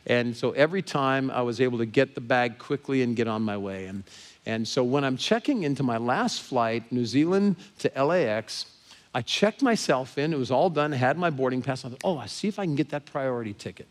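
A man with an American accent, a pastor telling a personal story from the pulpit in an animated way. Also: medium pitch, normal speed. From Southern California. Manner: animated, grows excited and laughing as story builds. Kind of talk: sermon storytelling.

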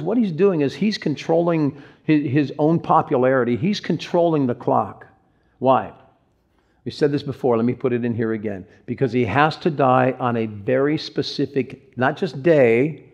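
A man, a pastor, delivering a conversational sermon with dramatic pauses and acted-out quotes. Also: mid-range voice, a little mellow.

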